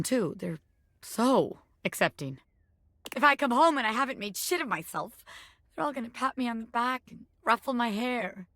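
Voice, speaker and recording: A woman voicing a cocky young gangster who is a bobby pin, with tough streetwise talk and a soft side underneath. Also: medium pitch, no echo, clean studio sound, lightly acted. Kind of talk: video game voice acting.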